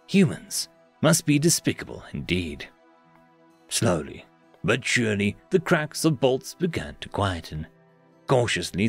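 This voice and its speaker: A man narrating science fiction stories in an expressive, dramatic reading style. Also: lowish voice, no echo. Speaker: story narrator. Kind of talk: scripted sci-fi narration.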